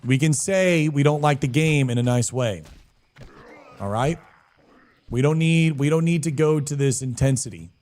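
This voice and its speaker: Animated man streaming to his chat. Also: on the high side, normal speed, slight background noise. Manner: animated, slangy, talks back to chat. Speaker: streamer and guild leader. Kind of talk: casual live-stream chat with viewers.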